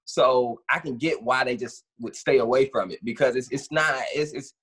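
A man's voice: mid-range voice, normal speed, a bit bright, breathy edge. A man from Gary, Indiana, co-hosting a podcast, talking casually in an easygoing, rambling way. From Gary, Indiana, USA. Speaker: podcast co-host. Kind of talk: casual chat.

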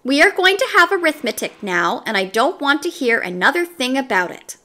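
A woman's voice: high voice, big pitch swings, fairly quick, bright, forceful tone, full character voice. A woman voicing a stern, no-nonsense female teacher, speaking firmly and matter-of-factly in a storybook reading. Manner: firm, matter-of-fact.

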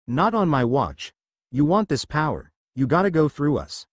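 A man voicing a gruff male space cop leader in a fan story reading, grumbling and barking orders. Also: medium pitch, expressive, moderate pace, a little mellow, no echo, natural voice. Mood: stern.

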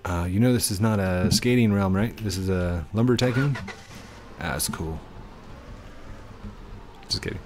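A man hosting a gaming video, commentating in an excitable, rushed and joking manner. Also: sits low, noisy background. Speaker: gaming channel host. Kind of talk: game commentary.

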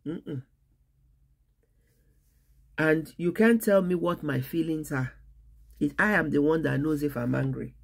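A woman pastor giving an earnest sermon on marriage, speaking in short, measured phrases and repeating key words for emphasis. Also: sits low, husky. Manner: earnest, repetitive preaching cadence with measured pauses.

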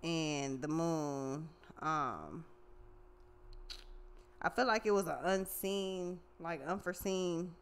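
Woman tarot reader, fairly low voice, foul-mouthed, slangy, lively casual delivery. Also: slow pace, smooth. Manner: profane, slangy and animated.

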